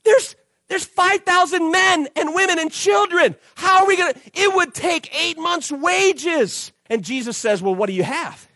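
Youth pastor guy preaching, really high bright voice, super animated, acts out all the voices, dry sound. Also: a little slow, no echo. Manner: animated storytelling, acts out voices of disciples and crowd.

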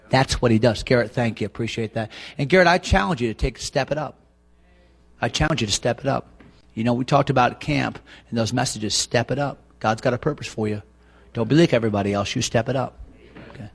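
A man preaching a sermon, emphatic and repetitive, swinging between soft and loud stretches. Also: mid-range voice, fairly quick, slightly rough.

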